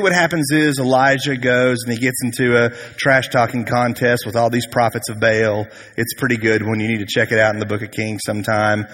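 A man preaching a sermon as a pastor, telling the story in a conversational, animated way with humor. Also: mid-range voice, slight background noise. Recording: long hall reverb.

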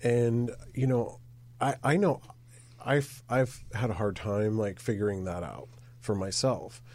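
A man hosting a podcast interview, asking questions haltingly with many fillers. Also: fairly low pitch, darkish tone. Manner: halting, many "um" and "you know". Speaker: podcast host.

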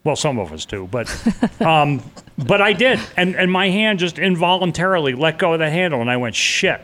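A middle-aged man tells his story in earnest, halting conversation. He stumbles and restarts mid-sentence and slips into the voices of the people he remembers. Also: fairly high pitch, sing-song, fairly bright tone. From New York. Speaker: interviewee recounting a disaster escape.

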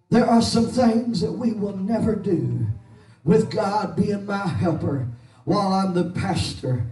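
A pastor who preaches a holiness sermon, shouting with rhythmic, rising cadences and growing short of breath. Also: male voice, sits high. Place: church sanctuary. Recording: echoey church, mic at a distance.

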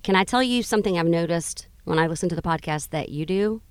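A woman's voice: fairly low pitch, clear, resonant tone, no echo. A middle-aged woman co-hosting a radio show, bantering playfully and laughing often, recorded in a mobile studio. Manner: playful, quick to laugh, animated. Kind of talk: casual banter.

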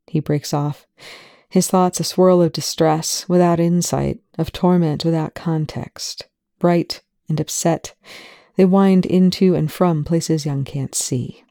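A storyteller narrates at an even, measured pace. The voice is dark and mellow with a gravelly texture, recorded close in a dry space. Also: mid-range voice, no echo. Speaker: audiobook reader. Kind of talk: reading fan fiction aloud.

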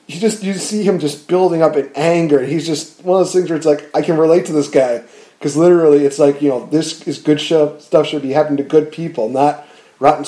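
Male podcast host, casual movie chat, warm, slightly raised voice, rambling delivery. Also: fairly high pitch. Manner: rambling, animated, with frequent fillers and restarts.

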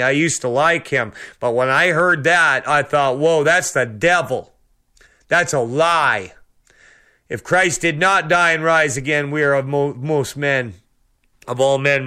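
A man's voice: medium pitch, normal speed, bright, forceful tone, smooth. A man preaching a sermon with fervor, peppering his talk with amens and praise the Lords. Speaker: radio preacher.

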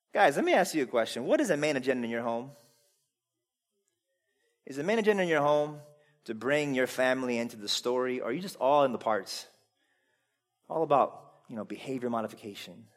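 Animated high-voiced male preacher. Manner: conversational, asks the congregation rhetorical questions; casual fillers, swings between loud emphasis and quiet asides. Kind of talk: sermon.

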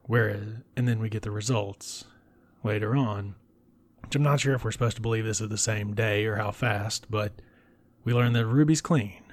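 A man giving a casual recap of a film, talking bluntly with profanity and dropping into breathy whispered asides. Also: lowish voice, normal speed. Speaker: film reviewer.

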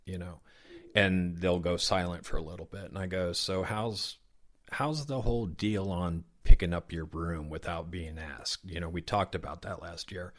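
Middle-aged southern guy, real low voice, tells stories and does the kids' lines. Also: fairly even intonation, normal speed. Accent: Southern American. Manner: warm, anecdotal, acts out children's words. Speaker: professional Santa Claus. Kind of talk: interview storytelling.

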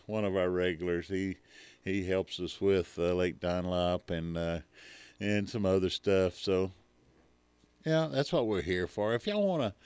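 A man's voice: fairly low pitch, smooth, dry recording. Folksy male radio host, easygoing chatter, dry close studio mic. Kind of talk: casual radio chat. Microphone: studio microphone.

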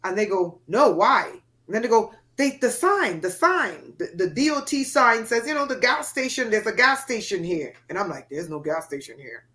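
A woman's voice: on the high side, big pitch swings, moderate pace, hardly any pauses, sharp tone. A woman from Trinidad and Tobago, a podcast guest, telling a dramatic personal story with emphatic, acted-out voices. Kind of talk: storytelling in an interview.

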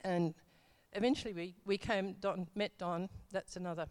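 A woman's voice: mid-range voice, steady tone, normal speed, darkish tone. A middle-aged woman telling her church testimony in a casual, rambling way, full of fillers and self-corrections.

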